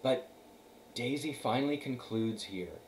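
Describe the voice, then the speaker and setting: A man's voice: medium pitch, expressive, measured pace. A man teacher reading a novel aloud to his class and stopping to comment, checking in often with "okay" and "right". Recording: echoey room.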